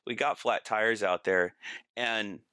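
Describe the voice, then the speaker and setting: A man's voice: fairly low pitch, fairly even intonation, takes it slowly, pushed and bright, clear, resonant tone, no echo, clean studio sound. A man guesting on a podcast, telling stories casually, acting out quotes and laughing through them. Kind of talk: casual storytelling.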